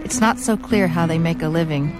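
A woman's voice: on the low side, brisk, poor audio. A middle-aged woman narrating a documentary story in a plain, matter-of-fact way. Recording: loud guitar music behind.

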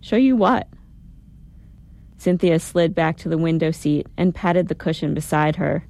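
Low-voiced woman narrating a story. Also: level tone, moderate pace, creaky, mellow. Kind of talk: first-person story narration.

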